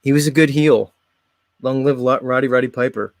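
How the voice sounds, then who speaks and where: A man's voice: mid-range voice, fairly even intonation, normal speed, no room sound. A man hosting a show in a casual, mocking, blunt comedic rant. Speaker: host.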